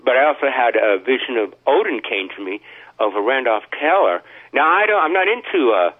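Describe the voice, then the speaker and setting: Male caller, halting rambler, heavy stammer and fillers, tinny phone-line sound. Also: medium pitch, big pitch swings. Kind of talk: rambling phone call to a talk show.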